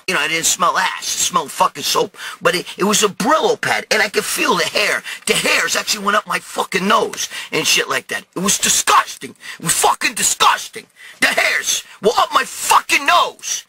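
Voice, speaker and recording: Raspy, swearing storyteller man. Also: on the high side, dry recording. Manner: animated, swears constantly, shouts and mimics others. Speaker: show host telling a story. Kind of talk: profane storytelling monologue.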